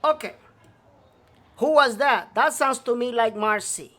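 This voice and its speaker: Man, talk show host, high pitched, bright tone, profane scolding rant. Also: a little slow. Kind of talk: ranting talk show monologue.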